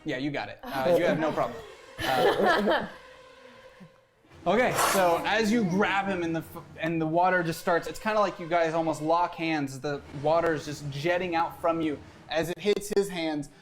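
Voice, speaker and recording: A man's voice: on the high side, moderate pace, noisy background. A man running a tabletop game as game master, narrating scenes in an easygoing way and often laughing.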